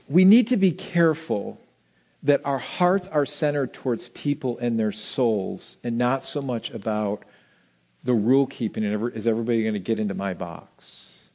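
A male pastor preaching a sermon, swinging between loud emphasis and soft asides. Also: mid-range voice, fairly quick.

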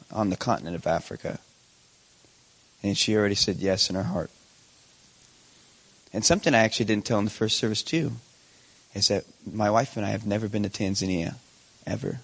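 A young man speaking as a guest missionary preacher, earnest and chatty with a self-deprecating humor. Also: fairly low pitch. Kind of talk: sermon.

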